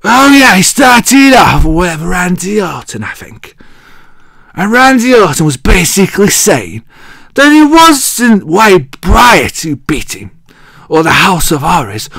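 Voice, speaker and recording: A man's voice: high voice, very animated, takes it slowly, gravelly, fairly bright tone, breathy edge, dry recording, studio quality. An English man hosting a wrestling show, recapping in a cheeky, rambling way and often losing his place as he thinks aloud. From England.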